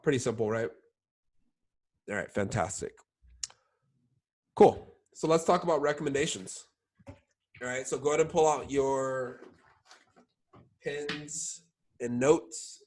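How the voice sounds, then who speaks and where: A man's voice: medium pitch, a little slow, long pauses, a little mellow. A young man coaching his sales team in a casual training talk, full of "like" and "all right?" check-ins. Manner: filler-heavy, keeps checking in with "all right?".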